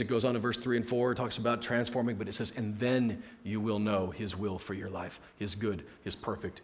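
A man preaching a sermon as pastor in a conversational way, often dropping to a soft, hushed tone. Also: mid-range voice. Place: church sanctuary.

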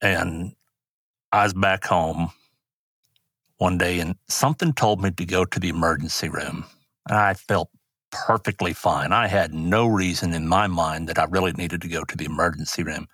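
Older male guest, rodeo announcer type, low-pitched, dry close sound, earnest storyteller. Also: fairly even intonation, moderate pace, a bit bright, breathy edge, no echo. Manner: earnest, rambling anecdotes with restarts. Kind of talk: personal storytelling interview.

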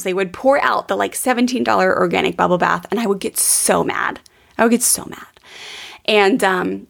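Earnest gravelly-voiced woman podcaster. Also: mid-range voice. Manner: earnest, warm-hearted, with frequent fillers like "um" and "like". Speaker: podcast host. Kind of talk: heartfelt personal storytelling.

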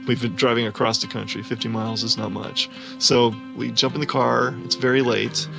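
A man telling a personal story in an animated way, often laughing as he talks. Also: mid-range voice, fairly quick, gravelly, music in the background.

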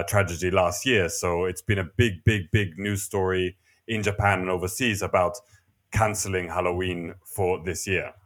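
A man co-hosting a podcast in relaxed, casual chat, with a dry, wry sense of humor. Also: deep voice. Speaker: podcast co-host.

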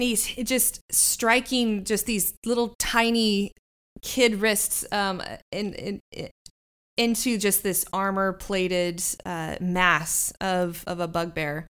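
A woman's voice: mid-range voice, fairly even intonation, takes it slowly, a bit bright, clear, resonant tone. A woman narrating a tabletop game as game master, describing scenes unhurriedly with fillers.

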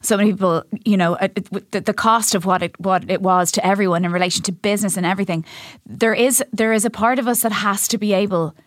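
Fast-talking woman hosting a podcast. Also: medium pitch, no echo, clean studio sound. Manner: fast, chatty, laughs easily. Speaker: podcast host. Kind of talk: casual chat.

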